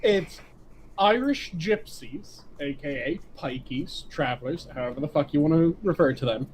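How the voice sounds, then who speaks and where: A man's voice: a little high, animated, moderate pace, darkish tone, a little hiss or hum. A man co-hosting a casual podcast, crude and joking, laughing often. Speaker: podcast co-host.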